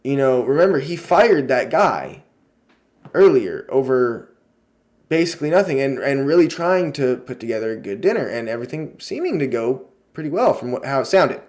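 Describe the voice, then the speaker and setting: An excitable young man reviewing a show in a casual vlog. His voice sits in an ordinary middle pitch, and he rambles and gushes, piling up fillers and cheerful swearing. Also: moderate pace. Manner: lots of fillers and restarts in a gushing delivery.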